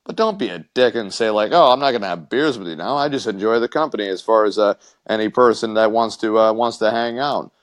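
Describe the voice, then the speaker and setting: A man's voice: lowish voice, fast, few pauses. A man co-hosting a casual podcast, telling a crude story in rambling bits with stammers and swearing. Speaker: podcast co-host.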